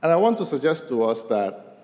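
A man preaching a sermon as pastor, his voice rising to stress points and falling low at the end of each. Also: brisk. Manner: animated, voice rising for emphasis and dropping low at ends of points. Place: church sanctuary. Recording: long reverb of a large hall.

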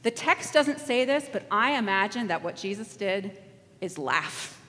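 A woman's voice: a little high, lively intonation, a little slow, fairly bright tone, slight background noise. A woman giving an interactive sermon as a preacher, acting out voices and leading the audience in call-and-response. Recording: echoey hall with faint ambience.

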